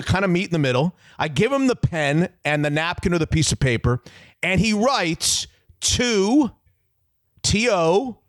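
Loud, animated man in his fifties. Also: high-pitched, no room sound, studio quality. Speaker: sports radio host. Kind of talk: casual chat and storytelling.

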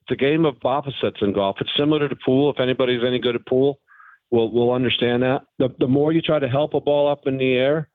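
A former pro golfer, a man, talking haltingly but frankly as a phone-in guest on a radio interview. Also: mid-range voice, no room sound. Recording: tinny phone line.

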